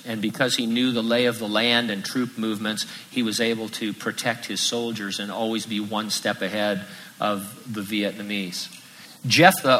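A man preaching a sermon, lively and acting out the voices in his quotes. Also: medium pitch, low-quality recording. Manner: animated, acts out quoted voices. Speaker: pastor.

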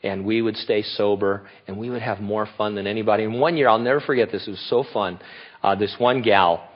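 A man's voice: fairly low pitch, steady tone, brisk, highs cut off. An older man giving a sermon as a pastor, rambling and joking and breaking into laughter.

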